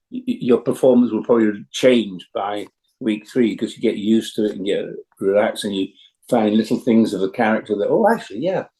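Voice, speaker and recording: An older actor as a guest, chatting casually and telling anecdotes with lots of fillers and restarts. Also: male voice, fairly low pitch, warm tone, rough recording. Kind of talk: casual interview chat.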